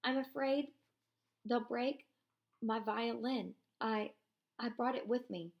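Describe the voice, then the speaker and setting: A woman's voice: on the high side, steady tone, vocal fry, muffled recording, pitched above the performer's own voice. A woman doing a feeble, gasping young violinist. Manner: faint, halting, breathless.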